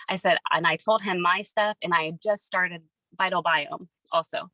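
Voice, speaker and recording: A woman's voice: lowish voice, fairly even intonation, normal speed, bright, forceful tone, dry recording, rough recording. A woman giving an earnest, emotional personal testimony over a video call. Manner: earnest, tearful, storytelling. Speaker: testimony speaker.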